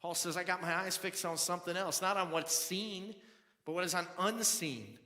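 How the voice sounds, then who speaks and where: A pastor preaching a conversational sermon, repeating words as he builds, swinging between low confiding tones and loud emphatic bursts. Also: moderate pace. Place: church sanctuary. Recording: echoey hall, long reverb.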